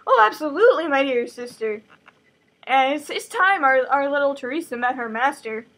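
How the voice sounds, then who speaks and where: A woman doing gloating sinister sister, high and haughty. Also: lively intonation, normal speed, a bit bright, rough recording.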